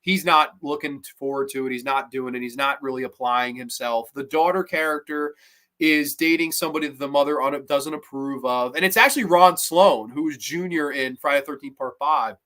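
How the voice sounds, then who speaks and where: A man with a medium-pitched, sharp-toned voice talks fairly quickly as host of a casual show reviewing horror episodes. He rambles, swears, and leans on filler words, and he mimics characters in exaggerated voices.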